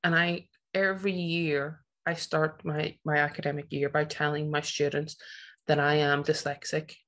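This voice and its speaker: A woman's voice: low voice, level tone, normal speed, fairly bright tone. A woman in her forties with a Northern Irish accent, a teacher giving a passionate, emphatic personal talk at a presentation. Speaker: teacher and conference speaker.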